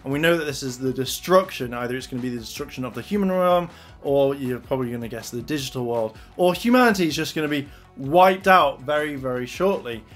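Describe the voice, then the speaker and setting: A man giving a casual, animated spoken review, retelling scenes and acting out the characters' lines with frustration. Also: mid-range voice, quick pace, soft background music. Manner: excitable, animated retelling with acted-out quotes. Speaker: anime reviewer.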